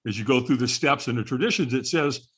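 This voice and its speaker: A man's voice: medium pitch, quick pace, a bit bright, breathy edge. A middle-aged man, a podcast guest, candidly telling his personal story in conversation, earnest and chuckling now and then.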